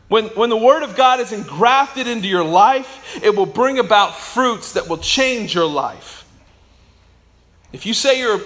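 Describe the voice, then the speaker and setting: A male pastor delivering a sermon, his voice pitched high for a man. He is emphatic and dynamic, swinging between ringing declarations and hushed, intimate asides. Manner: emphatic, swinging from loud to soft.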